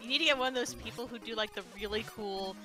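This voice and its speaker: A woman's voice: fairly high pitch, quick pace, music in the background. A woman commentating a live stream in casual chat, teasing and laughing.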